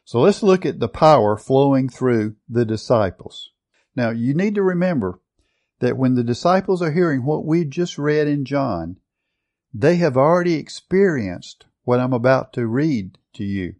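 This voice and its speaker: Guy preaching a sermon, emphatic, drags out key words, gets loud then soft. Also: mid-range voice, expressive, measured pace. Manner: emphatic, stretches out key words and shifts loudness often.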